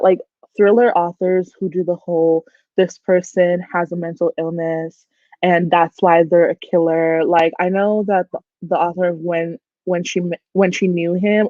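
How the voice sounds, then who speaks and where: A woman's voice: on the low side, dry recording. Chatty young woman on tinny call audio. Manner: chatty, animated, many "like" fillers. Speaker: book channel host. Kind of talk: casual book discussion livestream. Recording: dry, tinny phone-like audio.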